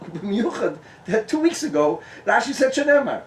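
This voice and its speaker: Man, rabbi, Torah talk, fairly high voice, lively swooping pitch, echoey tent, distant mic, faint background noise. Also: moderate pace. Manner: animated, switching between English and Hebrew and Yiddish terms, laughing often. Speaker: rabbi, guest speaker. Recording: echoey and distant room sound.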